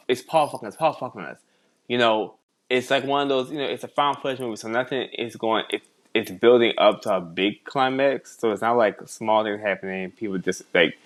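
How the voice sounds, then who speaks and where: A podcast co-host in casual chat, critiquing a film as slow and repetitive. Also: medium pitch. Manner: critical, conversational, repeats points for emphasis.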